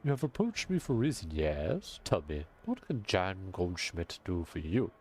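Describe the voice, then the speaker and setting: A man voicing a booming, mirthful heavyset merchant, speaking slowly. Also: big pitch swings, a little mellow, a little hiss or hum. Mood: jovial. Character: jovial, booming fat old merchant man.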